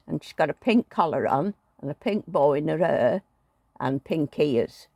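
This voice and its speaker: Gravelly-voiced woman vlogging. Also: deep voice, lively intonation, a little slow, a little mellow, dry recording. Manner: rambling, chatty, grumbling. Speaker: doll collector vlogger. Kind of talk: casual chatty vlog. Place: at home indoors.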